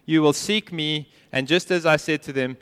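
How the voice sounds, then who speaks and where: A man preaching a sermon as pastor, earnest and emphatic, sometimes dropping to a quiet intensity. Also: a little high, moderate pace, smooth. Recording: long hall reverb.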